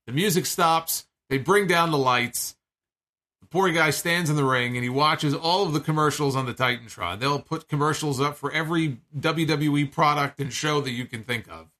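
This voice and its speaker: A man's voice: on the high side, moderate pace, sharp tone. A man giving a chatty, digressive recap of a wrestling show, speaking casually and acting out the lines he quotes.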